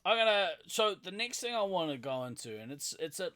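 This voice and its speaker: A man's voice: high-pitched, big pitch swings, a little fast, sharp tone. A man from New Zealand with a Kiwi accent, co-hosting a podcast in casual chat, laughing often and using lots of fillers. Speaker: podcast co-host.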